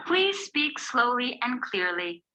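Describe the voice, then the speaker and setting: A prim American elevator speaks in a measured announcement voice, rising and falling with practiced politeness. The clip carries a clear layer of background noise. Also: female voice, a little high, big pitch swings, bright, forceful tone, exaggerated voice, poor audio. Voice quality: measured, recorded-announcement delivery. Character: polite calm female elevator voice, unbending. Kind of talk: comedy sketch acting.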